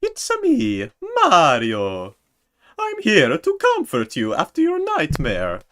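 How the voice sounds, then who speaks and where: A man voicing a goofy plumber hero comforting a listener, in an exaggerated, cartoonish, mock soothing way with a squeaky high falsetto. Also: wildly swooping pitch, takes it slowly, a bit bright, exaggerated voice.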